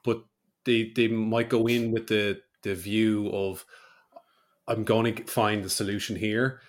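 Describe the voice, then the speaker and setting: A man's voice: on the low side, little pitch movement, unhurried. A man hosting a podcast, easygoing and musing aloud in casual conversation. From Ireland. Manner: easygoing, lots of fillers and restarts when musing. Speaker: podcast host. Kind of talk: conversational interview.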